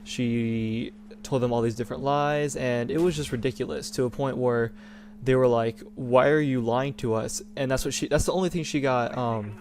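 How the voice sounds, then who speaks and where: A man's voice: mid-range voice, fairly even intonation, normal speed, darkish tone, slight background noise. A young man hosting a gaming channel, talking in a rambling, indignant rant with many restarts. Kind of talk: casual opinion rant over gameplay.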